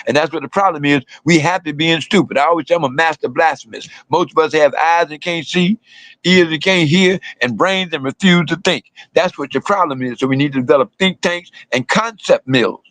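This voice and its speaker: A man's voice: on the high side, fairly quick, a bit bright, no room sound, low-quality recording. An older man, delivering fiery, blunt political commentary as a radio host and repeating slogans for emphasis.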